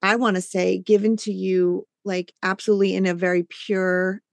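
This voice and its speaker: A woman's voice: medium pitch, level tone, normal speed, gravelly, no echo. A woman in a mid-range voice hosts a casual interview. She is effusive and supportive and jumps in eagerly to react. The sound is dry and close-miked. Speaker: podcast host.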